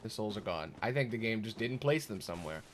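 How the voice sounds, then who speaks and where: A young man giving casual live commentary on a game he is streaming, talking back at it in an exasperated way with sudden high-pitched outbursts. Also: lively intonation, fast talker, a little hiss or hum. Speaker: gaming streamer.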